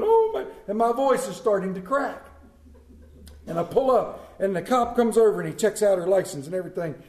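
High-voiced man preaching in an echoey room. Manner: animated, comic storytelling. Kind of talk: sermon storytelling.

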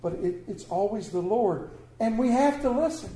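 A man's voice: high voice, lively intonation, moderate pace, dark tone. A man preaching a sermon, telling folksy, exaggerated stories in a church. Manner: folksy storytelling with comic exaggeration. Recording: echoey room.

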